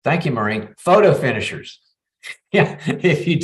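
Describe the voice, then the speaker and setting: A man's voice: medium pitch, lively intonation, brisk. A middle-aged man hosting a live advice show, coaching callers and acting out both sides of a conversation. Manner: warm coaching, acts out both sides of a talk. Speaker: psychologist host.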